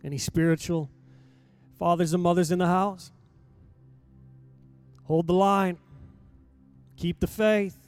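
A man, a pastor, preaching a sermon in a church and rising to loud exhortation as he reads scripture. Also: high voice, steady tone, takes it slowly, long pauses, smooth, faint music behind. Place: church sanctuary.

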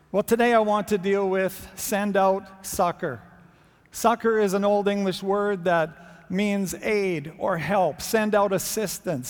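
A man with a high voice preaches a sermon, quoting scripture and rising to loud, fervent calls. His words ring out with a long reverb, as in a large hall. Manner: builds from measured teaching to loud, fervent crying out.

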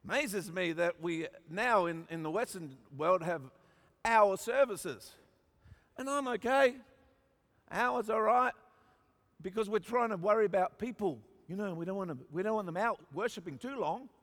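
An Australian man preaching a sermon, with emphatic delivery that moves from quiet asides to shouted peaks. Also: high voice, normal speed. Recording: long hall reverb.

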